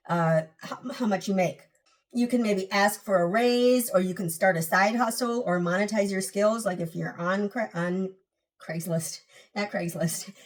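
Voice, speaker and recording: A woman's voice: mid-range voice, distant mic. A woman hosting a personal finance channel, giving casual, emphatic advice straight to her viewers and repeating key points.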